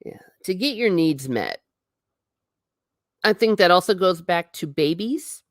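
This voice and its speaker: A woman hosts a casual stream, musing aloud and reading viewer comments between laughs. Her voice sits a little low for a woman. The sound is dry and close, with no room around it. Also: lively intonation, a little slow, no echo. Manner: chatty, rambling, laughs often. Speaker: livestream host reading chat. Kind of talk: casual livestream chat.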